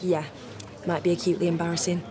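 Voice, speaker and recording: An actress playing a wry, guarded young barmaid with a dry, sardonic manner. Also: female voice, lowish voice, level tone, quick pace, crowd noise, close to an everyday voice.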